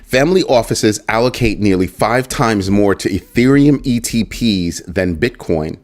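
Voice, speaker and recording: Hosting a crypto news livestream, a low-pitched man offers casual commentary. He jokes around with viewers in the chat and keeps coming back to his catchphrase, "just saying."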